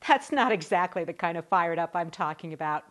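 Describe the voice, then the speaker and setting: A woman's voice: fairly low pitch, expressive, moderate pace. Encouraging middle-aged woman teaching. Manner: warm, encouraging, conversational teaching. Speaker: Bible study teacher. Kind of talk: recorded video lesson for a women's group.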